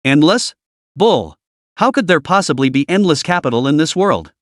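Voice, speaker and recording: A man's voice: fairly high pitch, animated, moderate pace, dry recording, studio quality, lightly acted. A man voicing an angry, commanding male Wall Street boss in a storybook recap. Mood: furious.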